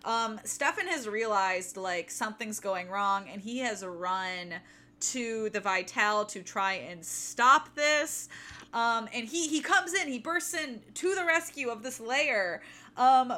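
Bright high-voiced woman ranting about a book. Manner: exasperated, ranting, swears freely. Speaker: podcast co-host. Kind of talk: casual book-recap chat.

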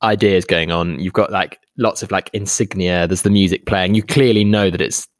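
A young man co-hosting a podcast from home, talking in a halting way with many restarts and easy laughter. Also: deep voice, fairly even intonation, dry recording, clean studio sound. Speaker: podcast co-host. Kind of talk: casual chat. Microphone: home microphone.

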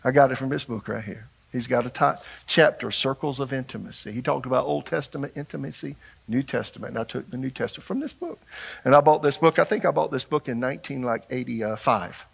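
An older man preaching a sermon as pastor, animated and shifting his delivery, putting questions to the congregation. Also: medium pitch, brisk, gravelly, husky.

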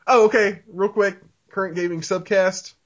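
Male podcast host, casual rambling chat, slightly high voice, dull lo-fi recording. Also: steady tone, a little slow, a bit bright. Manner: rambling, lots of "like" fillers, laughs often. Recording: dull lo-fi audio.

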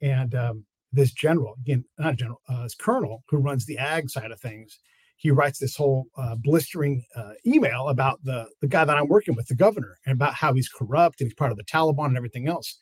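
A man's voice: medium pitch, fast talker, husky, dry recording. A man, a guest on an interview show, casually telling stories of his work in Afghanistan and acting out what people said. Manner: animated storyteller acting out quotes. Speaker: guest, former intelligence officer in Afghanistan.

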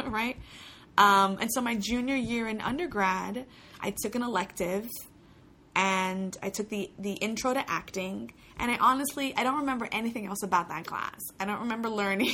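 A woman's voice: on the high side, normal speed, bright, forceful tone, slight background noise. A young woman from Puerto Rico, a guest in a casual interview, telling stories chattily with frequent laughs and restarts. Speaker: guest, actor.

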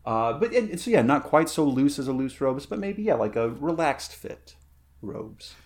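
Man, podcast co-host, casual chat, lively pitch, rambling with fillers and restarts. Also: normal speed.

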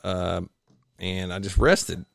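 A man, a triathlete guest, telling his stories in a rambling, animated way in a home garage. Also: low voice, takes it slowly, vocal fry, dry recording, studio quality. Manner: rambling, animated storytelling with restarts. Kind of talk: casual storytelling interview.

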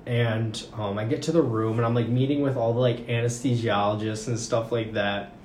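A man's voice: medium pitch, fairly even intonation, normal speed, darkish tone. A young man telling a long story in casual chat, rambling and saying "like" constantly. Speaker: podcast guest recounting a story. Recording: roomy room with faint noise.

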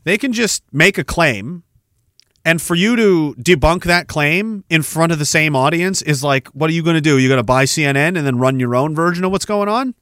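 A man's voice: a little high, lively intonation, moderate pace, a bit bright, no echo, clean studio sound. A man hosting a podcast, ranting about the news in a sarcastic, profane, casual way. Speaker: podcast host. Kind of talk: casual political commentary.

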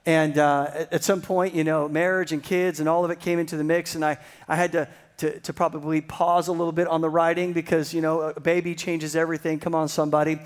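A pastor telling a personal story in a sermon, building to excited emphasis. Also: male voice, fairly high pitch, fairly quick, few pauses.

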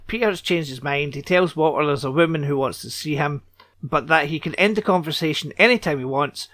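A man's voice: on the high side, pushed and bright, dry recording. A man hosting a podcast, recapping a TV episode in casual chat with sarcastic asides and casual swearing.

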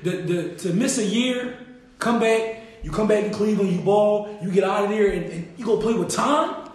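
A man in casual chat, animated and repeating his points. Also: high-pitched, normal speed, heavy reverb.

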